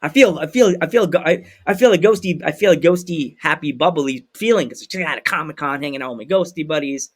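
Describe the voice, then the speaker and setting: A man hosting a podcast, telling a story in a lively, animated way and acting out the people in it. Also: fairly high pitch, quick pace, few pauses. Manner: animated, acts out voices in anecdotes. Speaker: podcast host. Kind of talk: casual storytelling chat.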